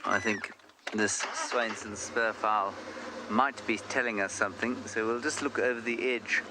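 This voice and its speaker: A man's voice: on the low side, fairly even intonation, unhurried. A man guiding a live safari broadcast outdoors, chatting in a wry, joking way. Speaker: safari guide. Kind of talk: live game-drive commentary. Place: outdoors in the bush. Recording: noisy outdoor live feed.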